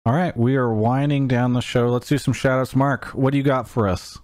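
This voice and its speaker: A man's voice: mid-range voice, steady tone, brisk, a little mellow, dry recording. Male podcast host, wry and teasing, dry close-mic sound, casual wrap-up chatter. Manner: wry, teasing, mock-exasperated. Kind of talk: casual show wrap-up chat.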